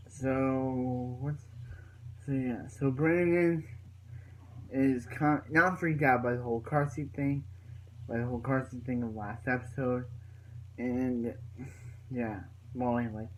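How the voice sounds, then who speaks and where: A young man talking through a TV episode recap, rambling and restarting his sentences over and over. His voice sits at an ordinary middle pitch, with a faint background hum behind him. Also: rough recording. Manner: rambling, many fillers and restarts. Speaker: reviewer.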